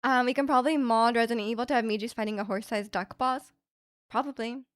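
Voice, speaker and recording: A woman's voice: on the high side, fairly even intonation, quick pace, no echo, studio quality. A young woman livestreaming from home, chatting in a rambling way and reading out viewer comments with light laughs.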